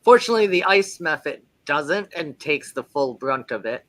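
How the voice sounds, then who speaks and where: Bright-voiced man running a tabletop game. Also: on the high side, expressive, moderate pace. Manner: casual, checks rules aloud. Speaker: game master.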